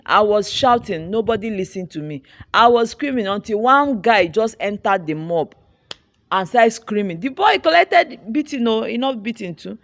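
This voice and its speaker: A woman's voice: mid-range voice, lively intonation, moderate pace, no echo. A young Nigerian woman, a fashion designer and vlogger, animatedly retelling a dramatic story with lots of repetition. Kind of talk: storytelling vlog.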